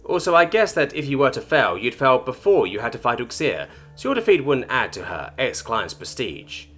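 A man narrating a sci-fi story from a script, with a lively, varied delivery and light character voices. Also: mid-range voice, normal speed, faint music behind.

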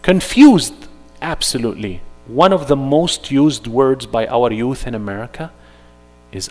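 A man leading an interactive workshop at a mosque, animated, acting out little dialogues and dropping Arabic phrases into his English. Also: medium pitch, slow pace, big-room sound, faint music behind. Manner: animated, acts out dialogues in put-on voices.

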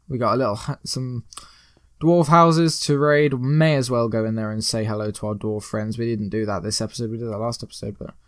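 A man's voice: fairly low pitch, no room sound. A man hosting a let's play, giving rambling, joking gameplay commentary full of puns. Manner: rambling, joking, pun-loving.

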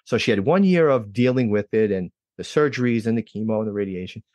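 A middle-aged man from New Jersey, a guest telling his own story in a lively way and acting out quoted dialogue with jumps in pitch. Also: fast, no echo. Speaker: interview guest. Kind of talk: personal storytelling.

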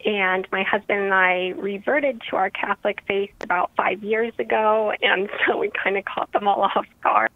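A woman's voice: mid-range voice, steady tone, moderate pace, few pauses, no room sound. A woman calling in to a radio show, asking a question hesitantly with fillers, heard over the phone. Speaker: caller. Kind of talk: call-in question. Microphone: telephone. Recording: tinny phone line.

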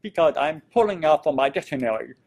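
Husky man explaining earnestly on a panel. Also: a little high, expressive, fast talker, darkish tone. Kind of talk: panel discussion remarks.

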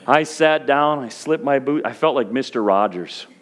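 A man's voice: mid-range voice, expressive, normal speed, noisy background. A middle-aged male pastor preaching a sermon in a conversational way that rises to fervent peaks.

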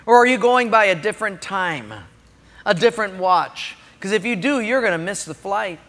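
A man voicing God as a calm male voice that asks quiet, searching questions. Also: high-pitched, moderate pace. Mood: gentle. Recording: long hall reverb.

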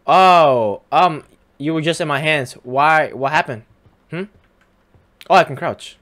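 A man's voice: fairly high pitch, unhurried, fairly bright tone. A young man giving casual game commentary, teasing and talking back to the characters on screen. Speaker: gamer.

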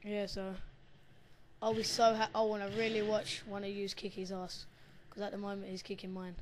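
A woman giving live gameplay commentary, excitable and swearing as she shouts at the game. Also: medium pitch, moderate pace. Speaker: gamer recording her match.

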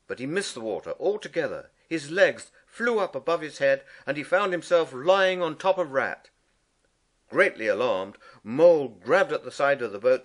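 A man reading a storybook aloud as narrator, slow and expressive. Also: mid-range voice.

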